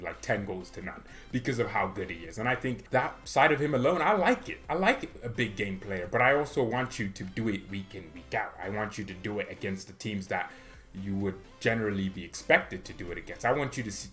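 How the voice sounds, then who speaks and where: A man's voice: on the low side, fairly bright tone. Joking male football fan vlogger. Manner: joking, rambling, slangy. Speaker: football fan channel host. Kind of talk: casual football commentary.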